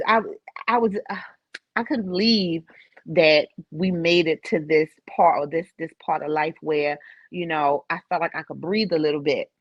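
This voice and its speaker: A middle-aged woman tells a personal story, emotional and animated, now and then laughing through it. Her voice sits at a middle pitch. The recording is dry and a little dull. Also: no room sound. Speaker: podcast guest.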